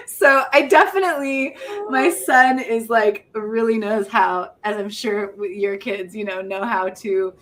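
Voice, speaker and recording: A woman's voice: medium pitch, takes it slowly, long pauses, a bit bright. A middle-aged woman, a poet and professor, talking frankly and reflectively in an interview, often laughing at herself. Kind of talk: candid conversational interview.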